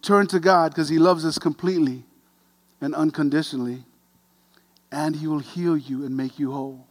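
A middle-aged man preaching, an animated, self-deprecating storyteller who grows quiet and earnest. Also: on the high side, moderate pace. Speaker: pastor. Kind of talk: sermon storytelling.

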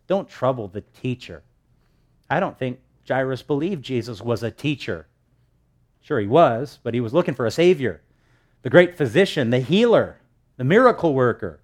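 Brief: male preacher, mid-pitched, emphatic sermon delivery with loud peaks. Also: big pitch swings, normal speed. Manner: emphatic, rising to loud stresses. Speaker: pastor.

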